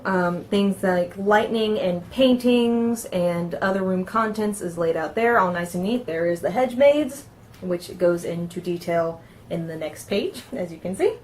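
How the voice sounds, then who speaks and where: A woman's voice: medium pitch, measured pace, darkish tone, slight background noise. Chatty woman reviewing a game book. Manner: chatty, trips over words and corrects herself while reading. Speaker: tabletop game reviewer and host. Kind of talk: casual review, reading aloud from a game book.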